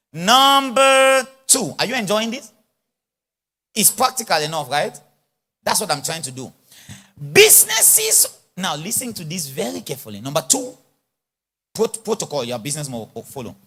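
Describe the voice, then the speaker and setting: A man with a fairly high, husky voice preaches at a conference in a large church or conference hall. Animated and speaking with an influence, he mixes pidgin English into his sermon and acts out brief dialogues.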